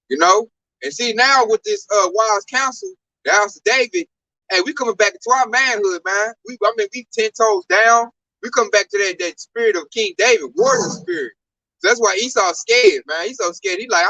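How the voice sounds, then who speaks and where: Speaking at a moderate pace with some vocal fry, a high, bright-voiced man tells lively, slang-filled stories in a casual religious discussion. The sound is dry, from a distant mic with no room sound.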